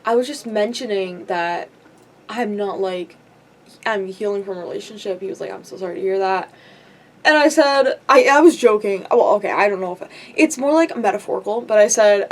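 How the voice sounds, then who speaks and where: Rambling young woman, storytime vlog. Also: medium pitch. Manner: rambling, giggly, lots of likes and ums. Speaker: vlogger.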